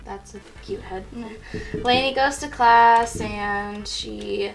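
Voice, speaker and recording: A woman's voice: medium pitch, fairly even intonation, takes it slowly, gravelly, faint music behind, rough recording. A woman narrating her turn of a story while drawing, easygoing and chuckling at her own slips. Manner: easygoing, chuckling, self-correcting. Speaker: co-host continuing a drawn story.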